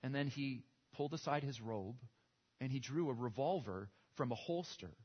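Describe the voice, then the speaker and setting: A man's voice: medium pitch, normal speed, husky. A man preaching a sermon and telling a story, with small restarts and repetitions. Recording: dull lo-fi recording.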